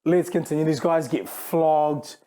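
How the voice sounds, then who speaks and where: A youth pastor delivers a sermon in an easygoing, conversational style, unhurried and often restarting phrases as he thinks out loud. His voice is somewhat high for a man but warm and mellow, and he frequently performs the lines of imagined speakers.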